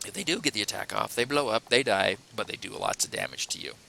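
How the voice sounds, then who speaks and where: A man's voice: on the low side, big pitch swings, fast talker, gravelly, sharp tone, slight background noise, poor audio. A man hosting a let's play, chatting casually through the gameplay in a rambling, self-correcting, playful way.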